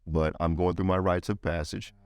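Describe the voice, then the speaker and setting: A middle-aged man speaks in a very low, deep voice, recorded close and dry. He tells his story in an interview with energy and acts out the people in it. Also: moderate pace, clear, resonant tone, no room sound. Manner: animated storyteller, acts out quoted voices higher. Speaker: veteran advocate guest.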